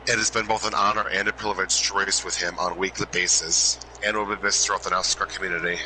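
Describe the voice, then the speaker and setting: A man giving an emotional hall of fame induction speech, halting and restarting as he loses his train of thought. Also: sits low, little pitch movement. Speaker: inductee presenter. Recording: loud background noise.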